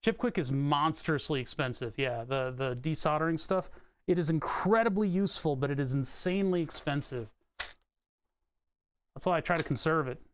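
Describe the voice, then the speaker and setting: A man's voice: on the high side, normal speed. A man live-streaming as he solders electronics, muttering to himself and answering questions from chat in a casual, rambling way.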